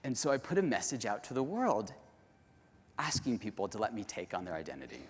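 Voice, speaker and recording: Animated man in a reverberant hall. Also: fairly low pitch, a little fast, a little hiss or hum. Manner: animated, addresses the audience directly. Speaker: conference keynote speaker. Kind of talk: storytelling conference talk. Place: large conference hall.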